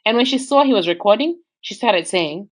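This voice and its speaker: A woman with an Australian accent telling a personal relationship story in a casual, animated way, jumping in pitch for emphasis. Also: a little fast.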